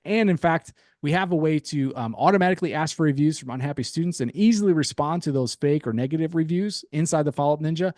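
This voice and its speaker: A man presenting a sales pitch on a webinar, upbeat, with light chuckles and casual asides. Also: fast, few pauses, a little mellow, no echo, studio quality.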